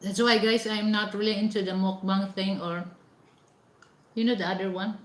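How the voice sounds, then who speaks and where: A woman's voice: medium pitch, steady tone, normal speed, roomy sound. A woman vlogging while eating, chatting casually with lots of fillers. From Philippines.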